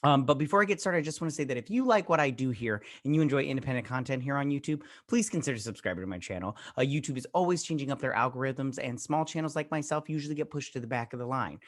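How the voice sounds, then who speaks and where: A man's voice: mid-range voice, expressive, fast, hardly any pauses, dry recording. A man giving a casual, rambling spoken review of a TV episode, full of fillers and loose retellings of scenes. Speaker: YouTube reviewer.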